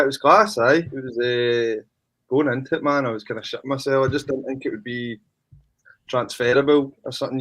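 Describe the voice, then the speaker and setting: A man's voice: mid-range voice, a bit bright, rough recording. A man with a Glaswegian accent, a musician talking casually, blunt and slangy with heavy swearing. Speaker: musician guest. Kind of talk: casual chat.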